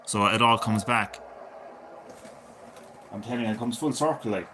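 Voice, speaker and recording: Man in his thirties, lowish voice, loose rambling streamer chat, faint background hiss. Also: normal speed. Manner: chatty, swears a lot, drifts between loud and mumbled. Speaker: gaming streamer. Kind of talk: casual rambling commentary.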